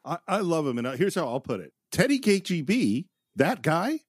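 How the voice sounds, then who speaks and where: A man's voice: on the high side, big pitch swings, normal speed, slightly rough, dry recording. A man co-hosting a film podcast, sharing his opinions with eager enthusiasm. His voice moves up and down freely, recorded close and dry. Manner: enthusiastic, laughs while giving opinions. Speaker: podcast co-host. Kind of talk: casual movie-review chat.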